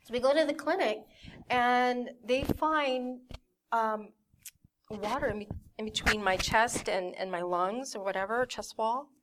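A woman's voice: on the high side, a little slow, fairly bright tone, slight background noise. A young woman giving a personal testimony in a candid way, acting out her family's voices as she tells it. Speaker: church member giving a testimony.

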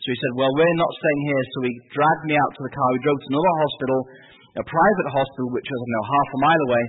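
An Englishman telling a personal story in a halting, vivid way, with many fillers and restarts. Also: medium pitch, breathy edge. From England. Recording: tinny phone-like radio sound.

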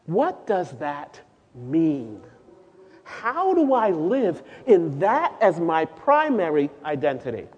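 A woman giving a sermon-style teaching to a group of women, lively and asking the audience questions. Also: on the low side, slow, breathy edge. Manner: animated, asks the audience questions, sings out quoted lines. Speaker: speaker at a women's gathering. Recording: dull lo-fi recording with long hall reverb.

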